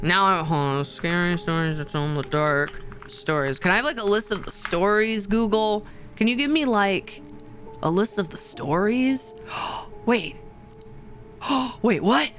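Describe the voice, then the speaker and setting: A woman streamer chatting casually with her viewers, animated and excitable, with sudden gasps and high squeals. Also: unhurried, faint music behind. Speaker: VTuber streamer.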